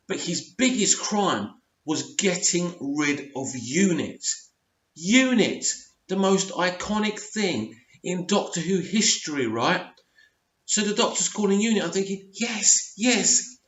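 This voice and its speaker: A man's voice: high-pitched, a bit bright. A man giving an unscripted, frustrated rant as a TV review vlogger, full of emphatic rhetorical questions. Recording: roomy, dull lo-fi sound.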